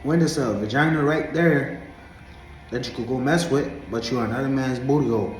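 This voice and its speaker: A man from Africa talking to camera in a preachy, emphatic monologue, hammering the same points again and again. His voice sits at a middle pitch. The room is echoey, with faint music behind. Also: moderate pace. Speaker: vlogger.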